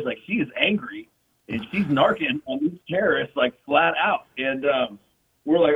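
A man's voice: mid-range voice, slightly rough. Casual, profane man on a tinny line. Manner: casual, profane, fast storytelling with frequent fillers. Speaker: military veteran guest. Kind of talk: casual storytelling. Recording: tinny phone-like sound.

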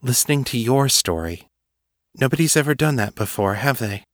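A man voicing a cheerful young woman telepath who talks briskly and gently coaxes. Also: mid-range voice, animated, dry recording, studio quality, voice pushed up, close to an everyday voice.

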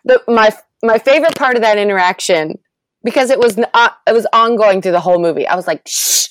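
A woman talking in a casual chat as a podcast guest, animated and laughing as she rants. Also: mid-range voice, quick pace.

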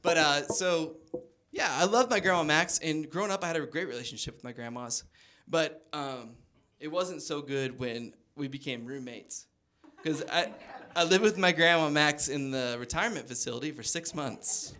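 A man in his thirties doing stand-up, telling self-deprecating stories with animated delivery. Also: on the high side, moderate pace, hardly any pauses. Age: 30s. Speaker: stand-up comedian. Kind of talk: stand-up comedy set.

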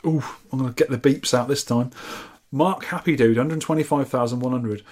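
A man's voice: mid-range voice, normal speed, darkish tone. A man co-hosting a podcast, reading out listener scores and comments in a jokey, bantering way. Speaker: podcast co-host.

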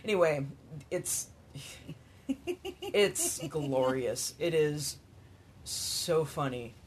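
A man's voice: a little high, lively intonation, drawn-out words, slight background noise. Male podcast co-host, casual, laughs a lot, a bit worn out. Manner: enthusiastic, laughs often while talking. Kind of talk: casual chat.

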